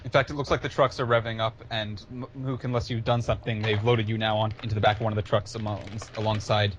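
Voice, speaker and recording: A man's voice: lowish voice, flat delivery, quick pace, highs cut off, slight background noise. A man narrating as game master in a tabletop game over a voice call, with many hesitations and restarts. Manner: hesitant, full of fillers and restarts. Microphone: online voice call.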